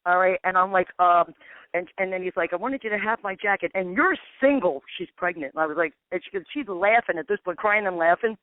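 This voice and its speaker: A woman's voice: on the low side, fairly quick, no room sound. A woman who is a paranormal investigator, telling a long story in a phone interview and acting out the dialogue. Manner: rambling, acts out dialogue with "I'm like". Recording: tinny dry phone line.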